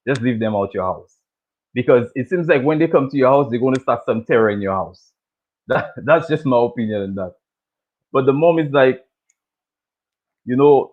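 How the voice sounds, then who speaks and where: A man hosting a casual chat that recaps a TV show, talking loosely, repeating himself and laughing often. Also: mid-range voice. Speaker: show host. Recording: tinny phone-like audio.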